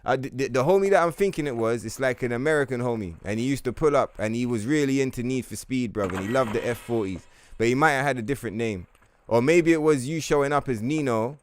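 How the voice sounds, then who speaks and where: A man's voice: medium pitch, fast talker, slight background noise. A man, streaming a game and ranting profanely with plenty of slang, from a room at home on a stand mic. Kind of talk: casual gameplay commentary. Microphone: stand microphone.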